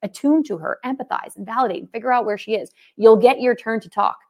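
Speaking fast in a slightly high voice, this woman co-hosts a marriage podcast and coaches couples. Her casual talk is lively, and she performs sample phrases to illustrate her points.

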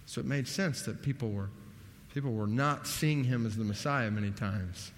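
A man preaching in a large hall, his voice trailing off into a long reverb. He has a middle-range pitch and lifts it emphatically whenever he drives a point home. The delivery is a sermon, animated and earnest. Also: normal speed. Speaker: pastor.

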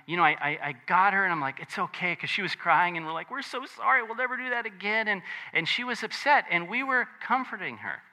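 A man preaching a conversational sermon, animated and chatty, with joking asides. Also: sits high. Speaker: pastor.

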